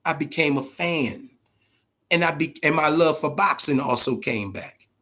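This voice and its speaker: A man with a fairly high speaking voice hosts a casual boxing podcast. He talks emphatically and curses freely, often stumbling over repeated words as he gets worked up. Now and then he answers his viewers' comments directly. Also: lively intonation, a little slow, sharp tone. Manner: profane, emphatic, repeats words when fired up; addresses chat viewers directly. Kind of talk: casual live-stream commentary.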